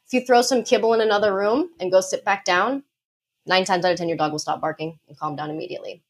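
A woman's voice: mid-range voice, fairly even intonation. Confident woman explaining dog behavior. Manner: confident, explanatory, quick asides with light laughs. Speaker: dog behavior consultant guest. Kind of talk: podcast interview, explaining.

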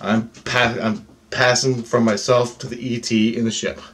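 A man's voice: medium pitch, moderate pace, a little hiss or hum. Give me an agitated, foul-mouthed man telling his alien contact story. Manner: profane, agitated, animated. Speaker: self-described alien contactee. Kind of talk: storytelling monologue.

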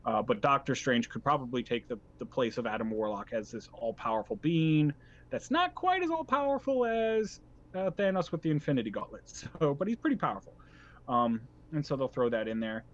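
A man's voice: mid-range voice, animated, brisk, muffled recording. A man co-hosting a podcast in casual chat, talking in an enthusiastic, rambling way with frequent restarts. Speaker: podcast co-host.

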